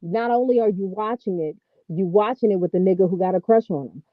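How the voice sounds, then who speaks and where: A woman giving casual gossip commentary on a vlog, talking in an animated, profane, exasperated ramble. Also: medium pitch, a little fast, dry recording, dull audio. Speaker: vlogger.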